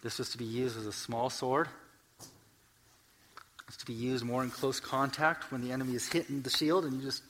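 A man preaching a sermon in a church, swinging between soft, earnest explanation and loud, emphatic peaks as he reads scripture, with joking asides. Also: mid-range voice, level tone, moderate pace, long pauses, slight background noise. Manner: builds scripture lists to loud, emphatic climaxes. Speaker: pastor. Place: church sanctuary.

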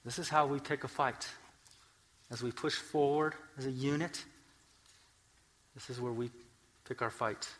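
A man preaching a sermon in a church, swinging between soft, earnest explanation and loud, emphatic peaks as he reads scripture, with joking asides. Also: medium pitch. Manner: builds scripture lists to loud, emphatic climaxes. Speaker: pastor. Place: church sanctuary.

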